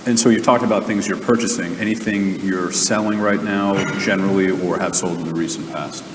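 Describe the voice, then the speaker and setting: Brief: very deep male interviewer, quick talker, off-mic in an echoey hall. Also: fairly even intonation, a little hiss or hum. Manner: fast, rambling questions with fillers. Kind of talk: onstage interview. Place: event stage. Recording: distant mic, roomy hall with ambience.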